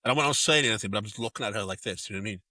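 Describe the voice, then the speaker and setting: A man with a low voice and a bright, forceful edge, recorded dry and close. He co-hosts a casual chat podcast and tells stories in an animated way, full of fillers and swearing. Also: racing, no room sound. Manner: animated storyteller, swears freely, many fillers. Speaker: podcast co-host.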